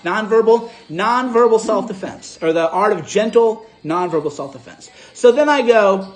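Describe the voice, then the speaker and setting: Animated high-voiced man telling a story. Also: moderate pace. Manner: animated storytelling, acts out both sides of the argument. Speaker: host. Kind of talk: casual recounting to camera.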